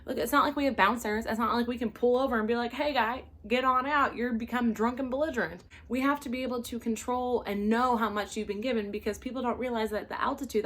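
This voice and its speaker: A woman telling a casual storytime vlog as its host. Her voice sits somewhat high, and her delivery is animated and exasperated, with swearing. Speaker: flight attendant and vlog host.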